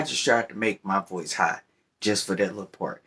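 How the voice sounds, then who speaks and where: A man's voice: moderate pace, bright, forceful tone, breathy edge. A man talks in a casual vlog, rambling and often checking in with the listener. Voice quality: deep voice. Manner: rambling, repeats "you know what I'm saying". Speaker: vlogger. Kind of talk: casual opinion talk while smoking.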